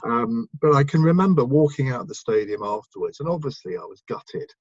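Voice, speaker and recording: A man talks as a guest in a casual interview, his voice a little husky. He rambles, restarting sentences and filling gaps with ums. The recording is dry and somewhat dull and lo-fi. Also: mid-range voice, lively intonation, brisk, no room sound. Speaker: guest, broadcaster and author.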